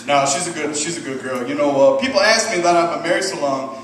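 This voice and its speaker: A man in his thirties from Michigan doing a stand-up set, deadpan and profane with self-deprecating asides. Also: a little high, fast, background noise. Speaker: stand-up comedian. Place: comedy club stage with audience. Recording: roomy distant club recording, loud ambience.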